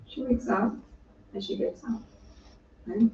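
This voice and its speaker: A spiritual lecturer giving a public talk in a casual, conversational way, often checking in with the audience with a quick "right?". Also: mid-range voice, warm tone. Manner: conversational, peppered with rhetorical "right?" and asides. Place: lecture room. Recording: roomy, distant, dull-sounding room recording with faint background noise.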